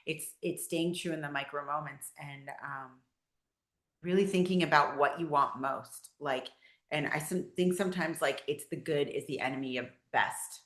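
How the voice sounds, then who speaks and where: Woman, casual podcast chat, animated storyteller, slightly low pitch, echoey room. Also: normal speed. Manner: chatty, animated storyteller, many fillers. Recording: roomy echo.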